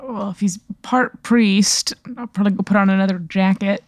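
A man's voice: high voice, fairly even intonation, moderate pace, no echo, clean studio sound. Laid-back man playing a tabletop game. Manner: short, laid-back replies. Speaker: player. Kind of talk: casual game play.

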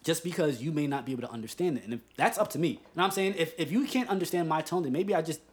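A man's voice: a little high, racing. A man co-hosting a podcast, telling a story in a casual, profane and emphatic way while drinking beer. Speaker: podcast co-host.

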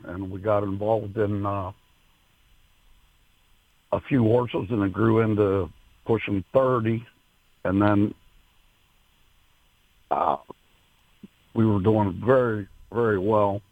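A man, a racehorse owner, being interviewed over the phone, talking in a halting way with many fillers and restarts, emotional. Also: lowish voice, fairly even intonation, dry recording. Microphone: telephone. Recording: tinny phone line.

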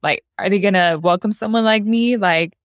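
A woman's voice: medium pitch, moderate pace, no echo, studio quality. A young woman hosting a casual chat, talking emphatically and calling her guest girl.

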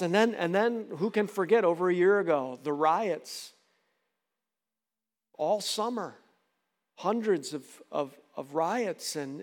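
A man preaching from the pulpit with a high, bright voice, slipping into quick character voices as he makes his points. The sound carries a long hall reverb that sets him in a large church space. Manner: animated, acts out quick dialogues in varied voices. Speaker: pastor. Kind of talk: sermon. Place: church sanctuary.

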